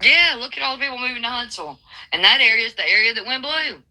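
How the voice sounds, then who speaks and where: Southern woman caller, very bright voice, blunt and folksy. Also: fairly high pitch, animated, fast, rough recording. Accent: Southern American. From Alabama, USA. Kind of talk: political call-in chat.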